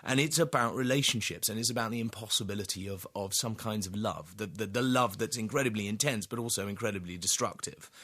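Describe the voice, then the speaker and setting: An actor talking as a radio interview guest, thoughtful and full of restarts. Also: male voice, on the low side, quick pace, hardly any pauses, fairly bright tone, breathy edge. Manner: thoughtful, rambling with many restarts.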